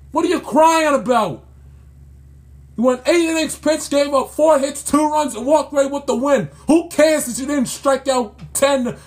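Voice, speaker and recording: A man ranting in sports commentary, exasperated and scolding, repeating himself as he builds his point. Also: very high voice.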